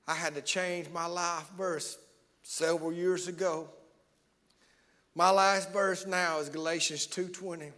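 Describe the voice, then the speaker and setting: Shouting evangelist with a sharp, high voice. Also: male voice, fairly even intonation, unhurried. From East Central Alabama. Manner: fiery preaching that swings from shouting to hushed near-whispers. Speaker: evangelist preacher. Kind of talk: revival sermon. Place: church service.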